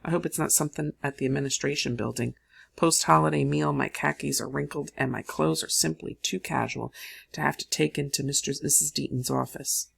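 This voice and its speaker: Narrator, raspy texture, slightly high voice, measured first-person audiobook read. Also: male voice, steady tone, a bit bright.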